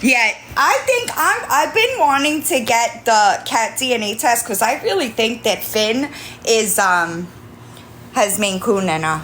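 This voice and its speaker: A woman chats unhurriedly on a phone livestream from home, her voice pitched a little high and swinging widely as she slips into sing-song baby talk for her kittens. Between the cooing she talks plainly to her viewers, with a faint hiss of background noise underneath. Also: animated, a little slow, fairly bright tone. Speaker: livestream host. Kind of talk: casual livestream chat.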